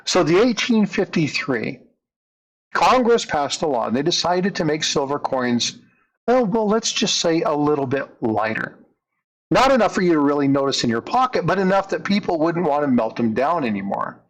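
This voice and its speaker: A man's voice: fairly high pitch, big pitch swings, normal speed, low-quality recording. A man narrating a story in a conversational way, leaning into the dramatic moments. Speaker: storyteller, coin channel host.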